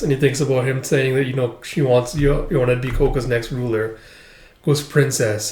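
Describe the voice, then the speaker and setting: A man's voice: mid-range voice, fairly even intonation, normal speed, a little mellow. A man casually recapping a comic, rambling and framing every line with "he's like". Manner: rambling, with constant "he's like" quotes. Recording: roomy echo.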